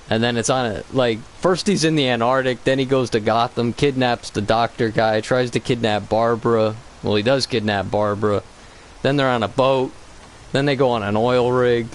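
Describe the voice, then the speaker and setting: A man with an average-pitched voice rambles through casual gaming commentary, swearing freely and ranting. A faint hiss sits quietly under his voice. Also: low-quality recording. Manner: profane, ranting, loose and rambling. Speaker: gaming channel co-host.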